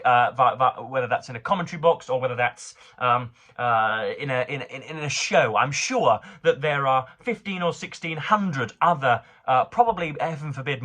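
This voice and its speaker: Medium-pitched and pushed bright, this man's voice reads newspaper stories for his vlog. He stumbles often, halting with fillers and restarts, and comments on each item with dry, sardonic remarks.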